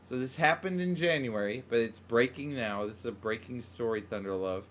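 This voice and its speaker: Slight background noise sits behind a man whose voice is medium in pitch and fairly bright, delivered at a moderate pace. He hosts a podcast full of casual banter, reading news stories, cursing freely and ribbing his co-host.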